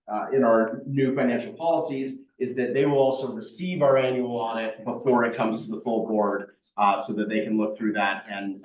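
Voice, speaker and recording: A man giving a staff report at a board meeting, plain and full of fillers. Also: mid-range voice. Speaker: staff member presenting a report. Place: meeting room. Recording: echoey room, far from mic, dull.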